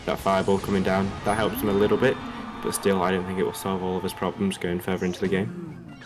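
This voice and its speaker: A man with a low voice and a general English accent touched by an Australian twang co-casts an esports match. He talks fast and breaks down each play analytically. Music plays clearly behind him. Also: completely flat delivery. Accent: general English with slight Australian twang. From Liverpool, England. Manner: quick, analytical. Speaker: co-caster. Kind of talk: esports commentary.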